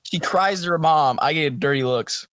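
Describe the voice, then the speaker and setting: A man's voice: a little high, moderate pace, a bit bright, no room sound. A man in a casual chat with friends, telling a story in a blunt, crude, joking way. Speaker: podcast co-host.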